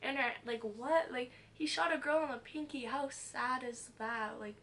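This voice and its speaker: A woman's voice: sits high, moderate pace, a little hiss or hum. A young woman vlogger telling a wild story from her past in a storytime vlog, full of "like" and swearing, acting out what people said. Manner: fillers "like" constantly, animated retelling, swears.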